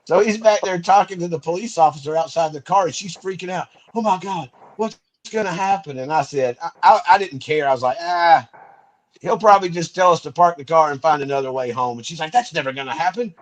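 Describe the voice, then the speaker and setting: A man's voice: fairly high pitch, fast talker, low-quality recording. A man co-hosting a podcast, telling a rambling anecdote in a casual, laughing way, from Georgia. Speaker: podcast co-host. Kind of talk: casual storytelling.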